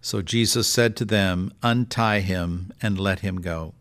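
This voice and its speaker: A middle-aged man who is a bishop, reading a gospel passage in a measured way and then reflecting on it with pauses and fillers. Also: deep voice, fairly even intonation, fairly bright tone. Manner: measured, with pauses and fillers when speaking freely. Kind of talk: scripture reading and reflective discussion.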